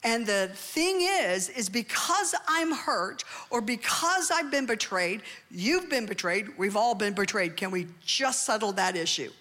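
A middle-aged woman pastor preaching a sermon with animated delivery, often calling for amens from the congregation. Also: a little high, a little slow, hardly any pauses. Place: church hall. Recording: long reverb of a large hall.

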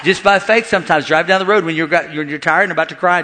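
A man preaching a sermon as pastor, animated and joking with the congregation in a large church. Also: on the high side, fast talker, few pauses, some chatter behind, slight background noise. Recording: long hall reverb with faint music.

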